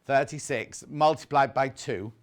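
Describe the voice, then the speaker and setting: A man's voice: mid-range voice, unhurried. A man presenting a live TV shopping show, chatting casually and reading out viewer messages. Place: TV studio.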